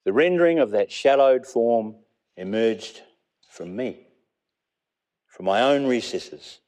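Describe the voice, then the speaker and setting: Mellow-voiced New Zealand man reading memoir. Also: mid-range voice. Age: 50s. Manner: measured and reflective, weaving in Māori phrases. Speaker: memoir narrator.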